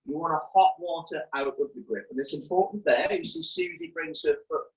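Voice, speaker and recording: A man's voice: on the high side, wildly swooping pitch, a little fast. A man coaching jiu-jitsu over a video call, explaining a technique while he demonstrates it. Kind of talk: casual chat then technique instruction. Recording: dull lo-fi video call audio.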